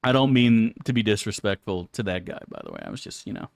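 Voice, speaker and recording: A man's voice: on the low side, huge pitch swings, fast talker, vocal fry, no room sound, clean studio sound. A man chatting casually on a live game stream, crude and profane, rambling through asides to his chat.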